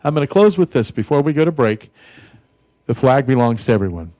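A man chats on a radio talk show in a folksy, rambling manner, full of fillers and restarts. His voice sits at an ordinary pitch for a man. It sounds dry and close on a studio microphone. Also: animated, a little fast, mellow, dry recording.

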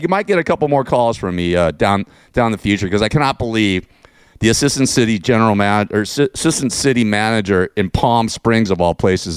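A man's voice: fairly low pitch, animated, brisk, clear, resonant tone, dry recording, studio quality. A man hosting a talk radio show, ranting in a mocking, profane way and laughing at his own jokes.

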